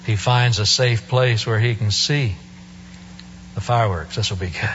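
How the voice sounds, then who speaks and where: A man's voice: lowish voice, moderate pace, lo-fi sound, a little hiss or hum. A male preacher giving a sermon in a church service, telling the story with humor and playful asides.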